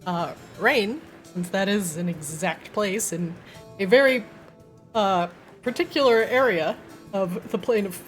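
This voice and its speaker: A woman's voice: medium pitch, very animated, measured pace, soft background music. A woman running a tabletop game as game master, narrating with casual asides and frequent laughter.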